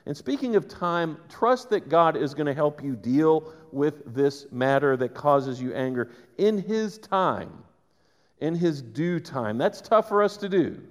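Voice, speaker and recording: A man preaching a sermon, conversational and animated, with quick asides to the congregation. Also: on the high side. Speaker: pastor. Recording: reverberant church hall.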